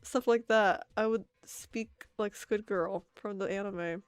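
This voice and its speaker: A young woman rambles casually while she draws, laughing at herself and answering chat. Her voice sits in a middle range, close to the mic in a dry space. Soft music plays faintly underneath. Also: medium pitch, fairly even intonation, slow, clean tone, dry recording. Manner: giggly, self-mocking, reads chat aloud. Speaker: art streamer. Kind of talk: casual stream chatter while drawing.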